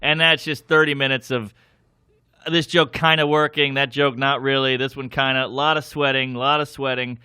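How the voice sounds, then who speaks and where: A man's voice: medium pitch, normal speed, clean tone, no room sound, studio quality. A young adult man, a comedian, telling a story casually on a podcast and acting out the people in it. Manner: animated, acts out voices of people in the story.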